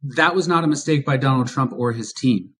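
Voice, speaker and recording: A man's voice: medium pitch, a little fast, fairly bright tone, slightly rough. A man co-hosting a political podcast, talking emphatically and asking rhetorical questions. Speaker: podcast co-host. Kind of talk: political commentary.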